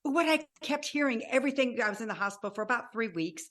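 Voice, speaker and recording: A woman in her sixties, a podcast guest telling her life story in an animated way and acting out remembered dialogue. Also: a little high, fast. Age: 60s. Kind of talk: personal storytelling.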